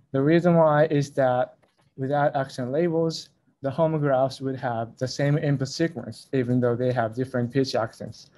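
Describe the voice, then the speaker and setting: A young man walks his listeners through his research at an online conference. His voice is mellow and relaxed, with a careful, slightly hesitant delivery that stays close to the middle of his range, heard through a video call microphone. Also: medium pitch. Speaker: conference presenter. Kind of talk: academic talk over a video call.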